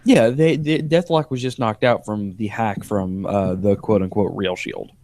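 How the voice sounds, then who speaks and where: A podcast co-host with a lowish, slightly mellow voice chats casually about TV episodes at a moderate pace, earnestly explaining plot details in this relaxed recap.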